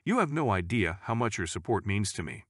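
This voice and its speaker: A man voicing an earnest husband who stands up to his boss, read in storybook narration, steady and sincere. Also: lowish voice, a little fast, slightly rough, no room sound, clean studio sound. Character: grateful husband facing his bullying boss.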